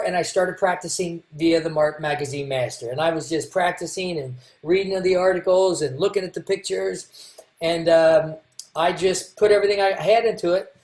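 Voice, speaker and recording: A man's voice: high voice, a little mellow. Kentucky-raised man telling his story, echoey room. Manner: candid, repeats words while restarting. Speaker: guest. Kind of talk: casual interview storytelling.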